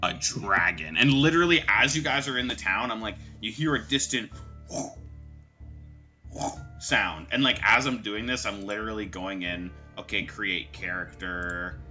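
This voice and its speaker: Bright-voiced male game master. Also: lowish voice, normal speed, faint music behind. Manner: relaxed, chatty, laughs often. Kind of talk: running a tabletop game, casual chat.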